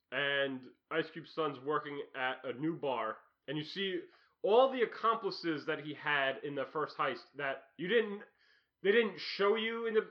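Male podcast co-host, rambling recap, slightly high voice, muffled audio. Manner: rambling movie recap with fillers. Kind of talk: casual podcast chat.

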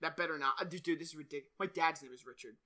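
A man's voice: fairly high pitch, rapid-fire, bright, forceful tone. A man hosting a podcast in casual chat, rambling, swearing and often laughing. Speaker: podcast host.

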